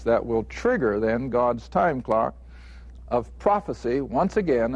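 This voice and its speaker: A man's voice: medium pitch, a little mellow, no echo, muffled recording. Man teaching the Bible, earnest and emphatic. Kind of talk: conversational Bible lesson. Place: studio taping.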